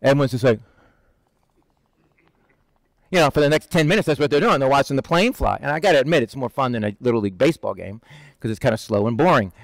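A man preaching a casual, conversational sermon, animated, acting out the people in the story. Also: mid-range voice, rapid-fire, no room sound, rough recording. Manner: conversational, animated, acts out Bible figures in quotes.

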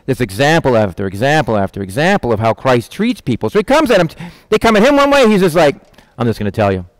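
A man's voice: very animated, fast talker, dry recording, poor audio. Folksy, direct male preacher, dry sound. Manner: folksy, direct, acts out voices of disciples with a raised pitch. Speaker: pastor. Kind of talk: conversational sermon with Bible reading.

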